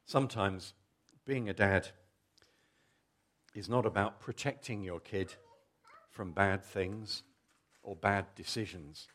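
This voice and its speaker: A man's voice: lowish voice, slow pace, long pauses, a bit bright. A middle-aged man preaching a Father's Day family sermon, telling a story vividly and coaxing children to act it out.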